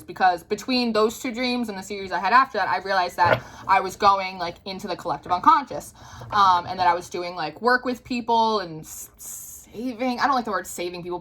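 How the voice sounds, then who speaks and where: A woman's voice: mid-range voice, fairly bright tone, slight background noise, low-quality recording. A young woman, a tarot reader, telling a story to camera in a casual, chatty way full of fillers, with the odd swear.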